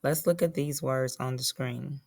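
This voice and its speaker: Slow, patient woman teaching phonics. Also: rumbling low, fairly even intonation, gravelly, darkish tone. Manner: slow, patient, spells and sounds out words. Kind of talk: phonics lesson for young children.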